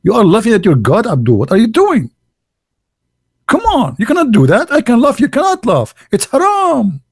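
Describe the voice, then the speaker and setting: A man's voice: huge pitch swings, normal speed, creaky, breathy edge, no room sound, studio quality, full character voice. A man putting on the voice of a laughing male debater who scolds in mock outrage. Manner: shrill, giggly, mock-scolding.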